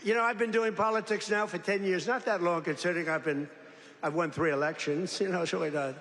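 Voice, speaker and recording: A man's voice: high-pitched, fairly even intonation, fairly quick, fairly bright tone. An older man giving a rambling, boastful off-the-cuff speech at a large political rally, with mocking asides. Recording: reverberant rally hall, faint background noise.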